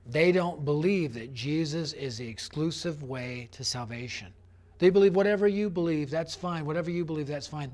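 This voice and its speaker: A middle-aged man, a youth evangelist, telling a personal story as a sermon, acting out voices and dropping low and quiet for serious points.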